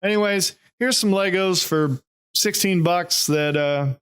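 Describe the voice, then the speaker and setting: Texan podcast dude, kinda high voice, chill and chatty. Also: male voice, a little slow, fairly bright tone, smooth. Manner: easygoing, chatty, trails off with uh. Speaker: podcast co-host. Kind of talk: casual chat.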